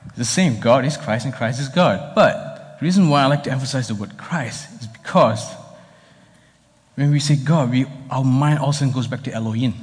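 A man pastor preaching a sermon in a conversational, explanatory way, heard in a church hall. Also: mid-range voice. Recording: long reverb of a hall.

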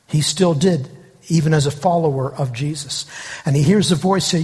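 A man preaching a sermon as pastor, telling stories with lively acted-out voices. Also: on the high side, a little fast, slightly rough, in a large hall. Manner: animated storytelling, acting out quoted voices.

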